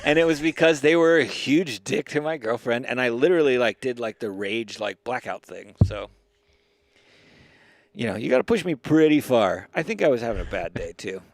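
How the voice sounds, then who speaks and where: A man's voice: medium pitch, lively intonation, moderate pace, gravelly, no room sound. A man co-hosting a casual comedy podcast, rambling and joking, laughing often as he talks. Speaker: podcast co-host.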